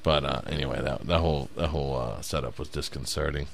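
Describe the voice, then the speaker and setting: A man who is a stand-up comic, telling profane, animated stories in a casual podcast chat. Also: very deep voice, fast, gravelly, a little hiss or hum. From South Bend, Indiana.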